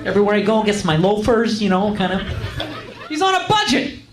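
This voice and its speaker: A man's voice: high-pitched, big pitch swings, a little fast. Brief: exasperated thirties male comic, live club, audience laughter. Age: 30s. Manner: self-mocking, exasperated. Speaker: stand-up comedian. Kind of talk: stand-up comedy. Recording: echoey club with crowd laughter and noise.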